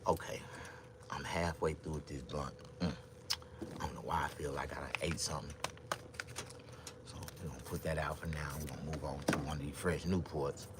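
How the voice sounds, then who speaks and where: Deep-voiced man ranting crudely to viewers. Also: brisk, pauses often, heavy background noise. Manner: loud, crude, animated rambling with sudden shouts; drawling, repeats himself, thinks aloud. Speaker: vlogger. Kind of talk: casual comedic rant to viewers.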